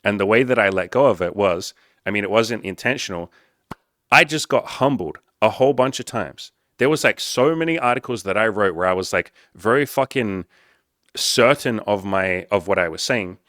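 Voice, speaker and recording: A man's voice: lowish voice, brisk, no echo, clean studio sound. A man, a dating and self-improvement coach, telling a candid story to camera in a casual, profane, self-mocking way. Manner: casual, profane, self-mocking, quotes people in lively voices.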